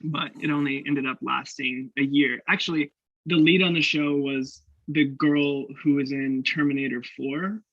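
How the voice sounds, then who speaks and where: Man, young, from Canada, higher voice, animated storyteller, dull dry sound. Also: moderate pace, no echo. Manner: animated, laughing, acts out quoted voices. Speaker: guest actor. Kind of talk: casual storytelling interview.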